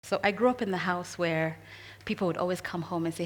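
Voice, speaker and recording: A woman telling a personal family story in an earnest, expressive way, with pauses. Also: fairly low pitch, slight background noise.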